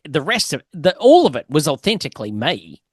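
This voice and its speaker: A man's voice: a little high, sing-song, a little fast, breathy edge, no echo, clean studio sound. A man hosting a casual podcast interview, chatty and self-deprecating, laughing often. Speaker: podcast host.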